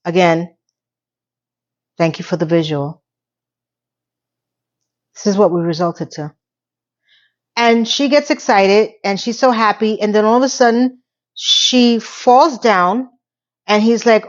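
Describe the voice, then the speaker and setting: A woman recapping a TV episode in a loose, sarcastic ramble, sounding playfully fed up. Her voice sits at an ordinary middle pitch. The audio is a touch dull and lo-fi. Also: unhurried, pauses often. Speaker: TV recap YouTuber. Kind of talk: casual TV recap vlog.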